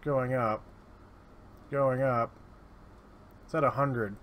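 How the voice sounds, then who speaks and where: A man's voice: medium pitch, fairly even intonation, slow, a bit bright. A man giving casual, sardonic gameplay commentary, muttering his way through lists of items. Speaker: let's play host. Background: keyboard typing.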